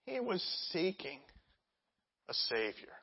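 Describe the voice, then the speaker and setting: A pastor preaching a sermon in a lively, conversational way, asking the congregation questions and acting out scenes. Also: medium pitch, slow pace, slightly rough, dull audio. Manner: animated, conversational, acts out scenes.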